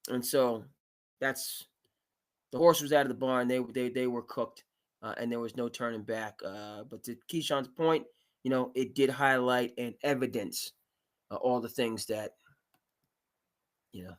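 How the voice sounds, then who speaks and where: A man's voice: medium pitch, unhurried, long pauses. Rambling male sports show host. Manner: rambling, filler-heavy, animated. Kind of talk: casual sports talk.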